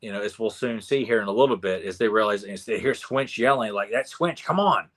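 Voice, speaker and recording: A man co-hosting a casual podcast that reviews cartoon episodes, retelling scenes with animated enthusiasm. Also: fairly low pitch, fast. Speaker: podcast co-host.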